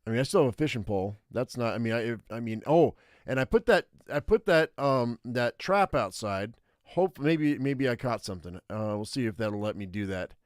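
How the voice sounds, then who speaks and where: A man's voice: mid-range voice, expressive, normal speed, no room sound, studio quality. A man streaming a live text adventure, thinking aloud and reading the story with many hesitant fillers. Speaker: streamer playing an interactive fiction game.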